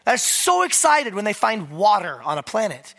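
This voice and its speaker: Hoarse pastor with a bright, sharp voice. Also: medium pitch, sing-song, normal speed. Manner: conversational with joking asides. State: hoarse from a cold. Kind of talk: sermon. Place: church service held in a high school.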